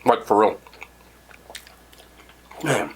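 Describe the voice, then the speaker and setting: A man's voice: fairly low pitch, drawn-out words, a little hiss or hum. A young man reviewing food in a casual eating vlog, enthusiastic and talking while he chews. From New Jersey. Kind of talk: eating vlog with mouth full.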